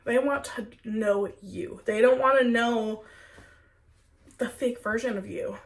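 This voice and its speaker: A woman's voice: fairly high pitch, slow pace, gravelly, recorded from a distance. A young adult woman who is sick with a cold, talking earnestly and chattily to viewers in a spiritual Q&A vlog. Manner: earnest, heartfelt, chatty with many "like"s. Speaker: spiritual content creator.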